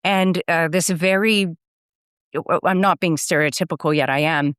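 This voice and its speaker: A woman's voice: on the low side, measured pace, fairly bright tone, clear, resonant tone, no room sound, studio quality. A woman guest photographer answering interview questions earnestly and thoughtfully, often repeating words as she searches for them, over a video call.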